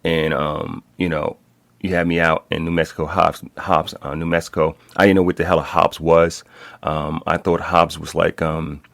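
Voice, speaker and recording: A man's voice: extremely low pitch, level tone, moderate pace, gravelly, fairly bright tone, no room sound. A man from Brooklyn with a Brooklyn accent, hosting a casual podcast in a loose, slangy, hype style. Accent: Brooklyn New York. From Brooklyn, New York. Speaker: podcast host.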